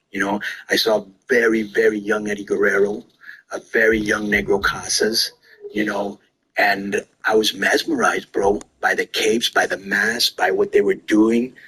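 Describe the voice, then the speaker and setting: A man's voice: on the low side, slightly rough, poor audio. A man casually telling a story about getting into wrestling, acting out the people he quotes. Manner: animated, acts out quoted lines. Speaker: former wrestler telling stories.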